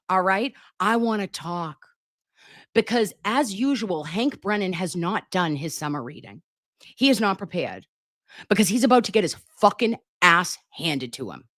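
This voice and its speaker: Lively, dry-sounding woman commentator. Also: fairly low pitch, no room sound. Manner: emphatic, profane, animated. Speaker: commentary host. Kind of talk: casual trial recap commentary.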